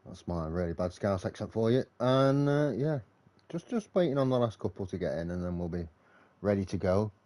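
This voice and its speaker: A man commentating live on a racing league in a relaxed, chatty way, thinking aloud between updates. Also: on the low side, brisk.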